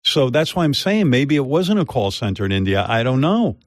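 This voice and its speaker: An older radio host tells a long, rambling story in casual chat on a studio microphone, animatedly mimicking other people's voices when he quotes them. His voice is medium-pitched at normal speed in a dry recording.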